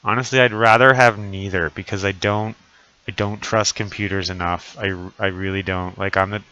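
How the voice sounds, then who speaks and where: A man's voice: lowish voice, fairly even intonation, moderate pace, sharp tone, highs cut off, slight background noise. A man in his thirties chatting crudely and jokingly with viewers during a live stream, wearing a costume mask. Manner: crude, profane, joking banter. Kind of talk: casual live-stream chat. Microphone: desk mic, voice muffled little by a costume mask.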